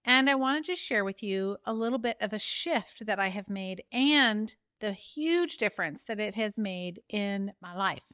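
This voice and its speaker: On a dry, studio-quality recording, a woman with a fairly high, sharp yet smooth voice delivers a candid solo episode of her own podcast. She chats freely, laughs at herself, and is quick to get heated.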